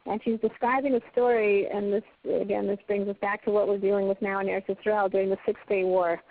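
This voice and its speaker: A woman's voice: mid-range voice, flat delivery, fast, no echo. A woman giving a heartfelt Torah class over the phone, telling stories in an earnest, emphatic way. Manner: earnest, emphatic, storytelling with passionate rises. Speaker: Torah teacher. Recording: tinny phone line.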